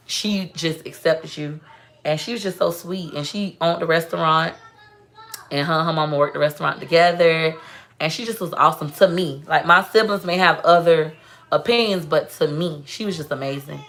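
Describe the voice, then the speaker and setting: A young woman talks straight to her livestream viewers in a loose, storytelling way. Her voice sits low, with a gravelly, fry-tinged texture. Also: a bit bright. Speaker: livestream host. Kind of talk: casual live-stream chat.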